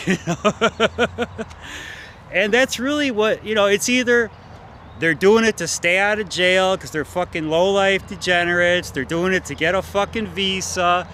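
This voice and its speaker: A man's voice: high voice, moderate pace, sharp tone, a little hiss or hum. A man vlogging outdoors near parked cars, talking in a profane, agitated, rambling way with many fillers. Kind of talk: rambling monologue to camera.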